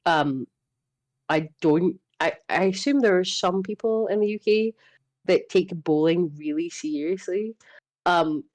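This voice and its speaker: A woman co-hosting a casual gaming podcast, an animated storyteller who swears freely and laughs often. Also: fairly low pitch, a little slow. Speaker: podcast co-host. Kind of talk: casual chat.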